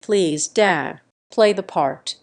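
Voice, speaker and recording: A woman narrator voicing a frightened young adult daughter who pleads in a hushed way in a spoken story. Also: fairly low pitch, extremely slow. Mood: pleading.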